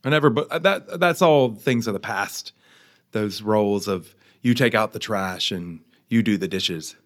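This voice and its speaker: A man's voice: fairly low pitch, unhurried. A middle-aged man, a podcast guest, chatting in an easygoing way and laughing readily. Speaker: guest, host's husband. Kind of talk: casual chat.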